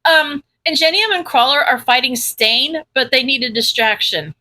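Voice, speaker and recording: A timid teenage boy who fumbles his words with little ums and uhs, as a woman storyteller voices him. The voice sits high and bright. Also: expressive, moderate pace. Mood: hesitant. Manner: hesitant, stammering with ums. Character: shy, flustered teenage boy hacker.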